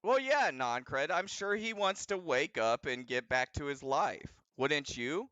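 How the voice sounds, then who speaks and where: A man's voice: a little high, lively intonation, unhurried, a bit bright, clear, resonant tone, dry recording. A man chatting casually in a stream clip, defending a friend and mocking others. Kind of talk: casual chat.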